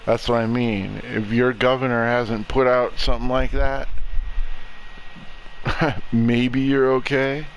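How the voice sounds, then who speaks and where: Young guy gaming streamer, slow drawl, swears a lot, rambly deadpan rant. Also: medium pitch, slight background noise, low-quality recording. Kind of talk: casual chat while streaming a game.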